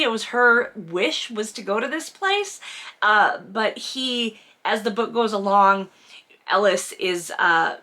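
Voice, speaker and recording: A woman talks through a book review in a loose, chatty vlog voice. Her tone is bright and forceful, and her pitch sits in an ordinary middle range. She is candid, says um often and swears freely. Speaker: author and book vlogger.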